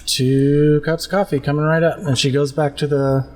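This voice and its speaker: A man's voice: a little high, flat delivery, normal speed, darkish tone. Man narrating as game master, reverberant.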